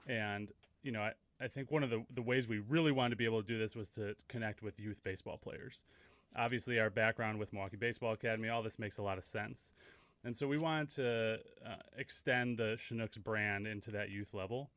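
A man's voice: lowish voice, fairly bright tone, clean tone, no echo. A man being interviewed on sports radio as a team owner and coach, upbeat and promotional. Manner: upbeat, promotional, explains plainly.

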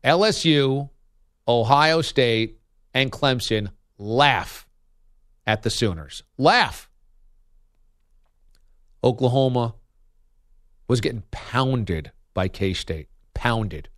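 A man's voice: mid-range voice, expressive, extremely slow, pauses often, fairly bright tone, no echo, clean studio sound. A man giving opinionated sports commentary as a radio host, emphatic and argumentative, hammering points with punchy repetition.

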